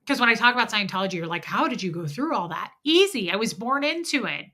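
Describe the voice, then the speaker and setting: A woman's voice: fairly high pitch, lively intonation, fast, sharp tone. A middle-aged woman talking candidly and rambling on a livestream, a little stuffy-nosed, greeting viewers by name. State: stuffy nose. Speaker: livestream host. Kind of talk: casual livestream chat.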